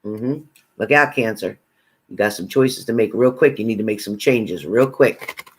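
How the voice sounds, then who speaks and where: A man's voice: on the low side, normal speed, a little hiss or hum. A man acting as a psychic card reader, giving blunt zodiac messages in profane, repetitive, bossy tough-love commands.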